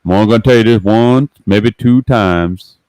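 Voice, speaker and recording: A man putting on a loud older Cajun alligator hunter, drawling with a thick, stuck-tongue mouth. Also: fairly low pitch, normal speed, clear, resonant tone, no room sound, close to an everyday voice. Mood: bossy. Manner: yelling, drawling, mouth full as if with peanut butter.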